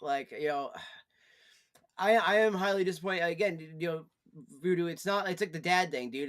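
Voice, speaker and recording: At a moderate pace, a man on a casual live stream tells someone off, his profane ranting ranging from low, tired sighs to loud yells.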